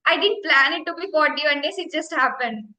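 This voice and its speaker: A young woman with an Indian accent tells an earnest, heartfelt story from her spiritual practice. Her high voice has a bright, forward edge. The recording carries a noticeable room echo. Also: moderate pace, a little hiss or hum. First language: Telugu. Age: young adult. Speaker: meditation teacher. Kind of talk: personal testimony talk. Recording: roomy echo.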